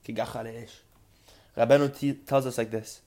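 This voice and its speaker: A man's voice: mid-range voice, fairly even intonation, moderate pace, dark tone. A man teaching a podcast Torah lesson, earnest and building to emphatic insistence.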